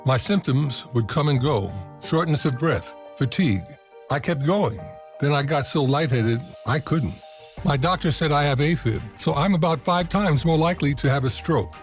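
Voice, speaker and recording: A man's voice: a little high, expressive, moderate pace. A man delivers an earnest first-person testimonial in a scripted radio ad. Faint music sits underneath, and the sound is dull lo-fi. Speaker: ad spokesperson.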